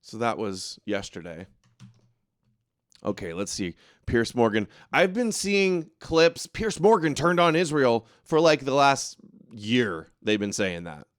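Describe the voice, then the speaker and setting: Slow and expressive, a medium-pitched male voice comes through clean in a studio setting with no room sound. As host of a casual political commentary stream, he reads viewer comments out loud, mocks them sarcastically, and rants indignantly.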